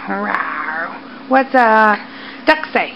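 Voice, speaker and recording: A woman gently quizzing a toddler in a coaxing, sing-song home-video voice. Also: high-pitched, animated, unhurried. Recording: lo-fi home camcorder with faint hiss.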